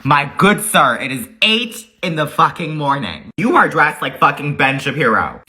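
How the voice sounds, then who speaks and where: A man's voice: a little high, very animated, moderate pace, hardly any pauses, pushed and bright. A young man delivering a profane, exaggerated comedic rant monologue.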